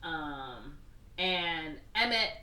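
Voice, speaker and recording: A woman's voice: low-pitched, expressive, very slow, sharp tone, roomy sound, distant mic. A woman co-hosting a podcast, casually rambling through a movie plot and voicing the characters. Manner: rambling movie recap with voiced quotes. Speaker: podcast co-host. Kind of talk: casual chat.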